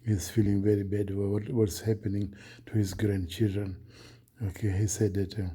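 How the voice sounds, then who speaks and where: Husky, halting man, very dark voice. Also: lowish voice, level tone. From Oman. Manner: hesitant, halting, many fillers and restarts; earnest, solemn. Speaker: vlogger recounting a dream. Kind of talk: unscripted personal account.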